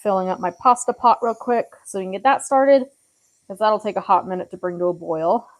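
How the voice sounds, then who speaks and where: A woman's voice: mid-range voice, fairly quick. A woman vlogging casually from her home kitchen, out of breath and frazzled, chatting to herself as she gathers things. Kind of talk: casual cooking vlog chat.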